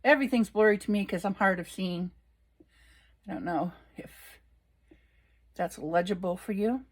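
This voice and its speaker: An older woman reading oracle cards aloud in a relaxed vlog, delighted and unhurried. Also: medium pitch. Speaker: oracle card reader. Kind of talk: casual card reading vlog.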